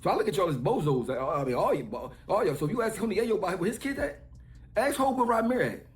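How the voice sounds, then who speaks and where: Fast, lively, mocking middle-aged man. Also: sits high, roomy sound. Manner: mocking, scolding, trash-talking. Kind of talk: heated rant in a played clip.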